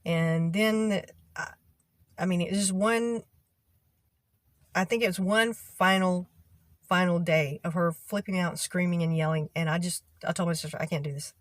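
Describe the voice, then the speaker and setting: Low-voiced woman telling a work story. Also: fairly even intonation, normal speed, dry recording. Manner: exasperated, acts out quoted voices. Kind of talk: casual storytelling to camera.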